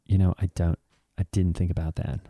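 A man plays a touchy megachurch dad with a Kiwi or Aussie accent, earnest and aggrieved, rambling through his complaints with restarts. His voice is very low and mellow. It sounds close and dry, with no room around it. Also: level tone, brisk, slightly rough, no room sound. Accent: New Zealand or Australian. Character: touchy devout megachurch dad, easily offended. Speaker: podcast co-host. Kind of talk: improvised satirical character comedy.

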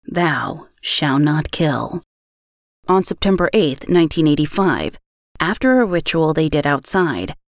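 A woman hosting a podcast, reading a scripted true-crime story in a measured way that slows on grim details. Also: lowish voice, a little mellow, no room sound, studio quality. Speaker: podcast host.

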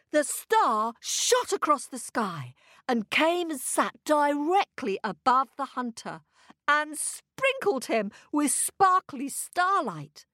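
Woman reading a bedtime kids story, slow and lively, high voice, dry close sound. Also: dry recording. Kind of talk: children's storybook narration.

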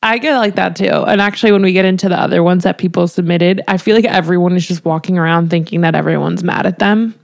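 Podcast co-host, young woman with a gravelly edge, relaxed and candid. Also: lowish voice, quick pace, few pauses. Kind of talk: casual chat.

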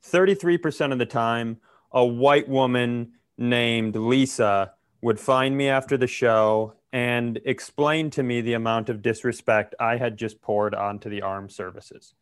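Male comic co-host, animated storyteller, mid-range voice, dry sound. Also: mid-range voice, a little slow, clear, resonant tone, dry recording. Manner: animated storyteller, swears freely. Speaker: comedian podcast co-host. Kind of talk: casual storytelling chat.

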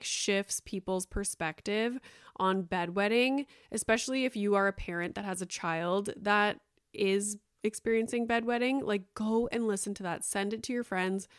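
A woman in her thirties hosts her own podcast and rambles through casual chat, full of fillers and the odd curse word. Her voice is smooth and clear at a middle pitch. It is recorded close and dry, with no room sound. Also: dry recording. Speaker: podcast host.

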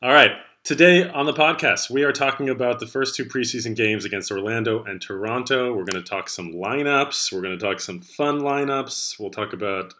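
Bright-voiced male podcast host. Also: mid-range voice. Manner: upbeat, leads the talk with rundowns. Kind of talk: casual sports podcast chat.

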